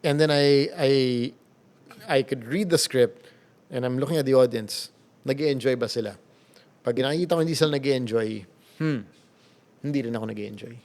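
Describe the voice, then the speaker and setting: A Filipino man with a lively, playful manner, talking as a guest in a casual podcast interview and mixing Tagalog with English. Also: medium pitch, fairly quick, pauses often. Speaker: guest, radio DJ and host.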